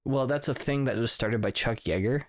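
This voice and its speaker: A man's voice: medium pitch, normal speed, no room sound, studio quality. A young man co-hosting a podcast, telling stories and teasing dryly in casual chat. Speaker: podcast co-host.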